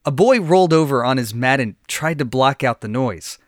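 A man hosting a children's Bible lesson podcast, reading a story aloud in a clear, friendly storytelling voice. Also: medium pitch, animated, moderate pace, dry recording, clean studio sound. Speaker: podcast lesson host and narrator. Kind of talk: scripted narration.

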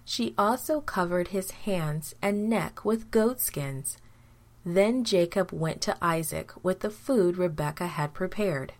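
A woman narrating a Bible story for children in a gentle, deliberate way. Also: lowish voice, lively intonation.

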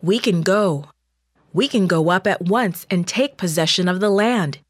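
A woman's voice: on the low side, big pitch swings, normal speed, darkish tone, no room sound, clean studio sound. A woman reading bold, eager spy Caleb. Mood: encouraging. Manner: eager, encouraging. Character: Caleb, strong tall bold male spy.

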